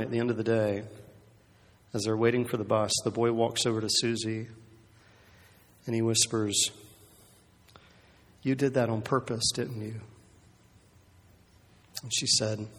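A man's voice: mid-range voice, level tone, normal speed, long pauses, fairly bright tone. A man preaching a sermon in a conversational storytelling way, often checking in with the listeners and repeating words as he goes. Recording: long hall reverb.

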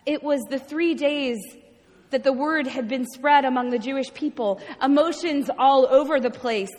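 High-pitched woman preaching, pauses a lot for effect, long echo like a big church hall. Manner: expressive storytelling with dramatic pauses and repetition. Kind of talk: sermon. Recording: long reverb from a large hall.

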